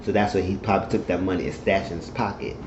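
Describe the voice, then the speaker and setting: Man, low voice, casual rambling show recap, echoey room, dull lo-fi sound. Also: steady tone, fast, noisy background. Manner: rambling retelling that acts out the characters' lines in shifting voices. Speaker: TV show reviewer.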